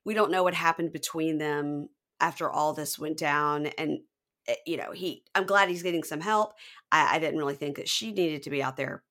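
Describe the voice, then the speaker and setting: A woman podcast host casually recapping a reality show, telling it in an animated way and slipping into impressions. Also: sits low, moderate pace. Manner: animated storyteller who slips into impressions.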